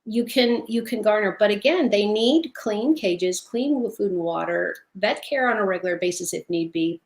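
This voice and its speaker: A middle-aged woman, a guest in a casual interview, telling lively stories and laughing often. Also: mid-range voice, creaky. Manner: animated storyteller, laughs often.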